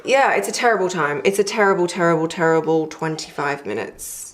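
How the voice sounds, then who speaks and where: A woman's voice: on the low side, a little fast. A woman co-hosting a casual chat with her partner, talking in a dry, teasing way. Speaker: co-host, host's partner.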